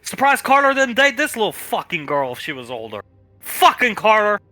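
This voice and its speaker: A man's voice: high voice, sing-song, normal speed, pushed and bright, no echo, soft background music, exaggerated voice. A man playing a hot-tempered, swearing character with a put-on southern accent. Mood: furious. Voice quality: swears constantly, frantic.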